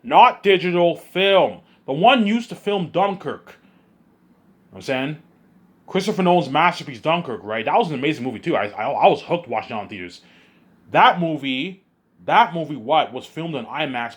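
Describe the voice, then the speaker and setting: A man rambling in an excited monologue, often repeating himself and restarting his sentences. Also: medium pitch, fairly quick, slightly rough. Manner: excitable, repeats himself, puts on voices of others. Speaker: vlogger.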